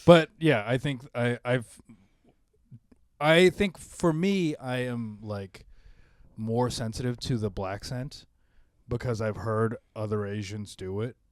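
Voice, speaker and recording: A man's voice: mid-range voice, takes it slowly, dry recording, studio quality. A man co-hosting a comedy podcast, talking casually and rambling with fillers and restarts. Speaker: podcast co-host.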